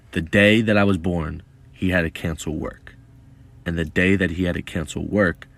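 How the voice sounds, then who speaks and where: A young man's voice, low and gravelly with some vocal fry. He tells a personal story in a casual, halting way, stumbling over and repeating a few words as he goes. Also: fairly bright tone. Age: young adult.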